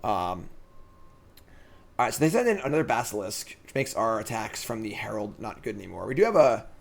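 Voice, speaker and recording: A man streaming a card game, thinking out loud about his plays and answering chat in a casual, chatty way. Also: fairly low pitch, sing-song, a little fast, vocal fry. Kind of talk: casual live-stream commentary.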